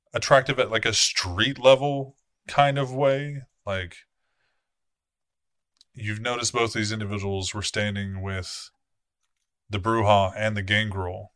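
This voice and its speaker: A man running a tabletop role-playing game, narrating casually with frequent restarts and corrections. His voice is slightly low but bright and forceful, with a dry, close recording. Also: no echo. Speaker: game master.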